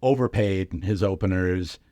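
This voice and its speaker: A man's voice: sits low, a little slow, mellow, dry recording, clean studio sound. A middle-aged man, a comedian, telling casual stories on a podcast and acting out the voices of other people in his quotes. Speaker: comedian guest.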